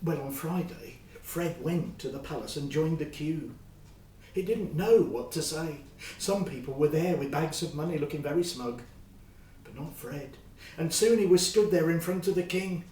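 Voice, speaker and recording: A man telling a Bible story to children in a lively, expressive way. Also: fairly high pitch, normal speed, reverberant, far from the mic, rough recording.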